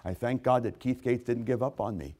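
A man preaching a sermon, swinging from hushed, intimate storytelling to loud, rising exhortation. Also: brisk. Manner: dramatic swings from hushed to booming. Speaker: pastor.

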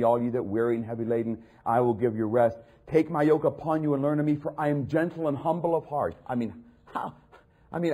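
A man preaching a sermon, reading scripture and mocking other voices, building to loud peaks. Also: medium pitch, slightly rough.

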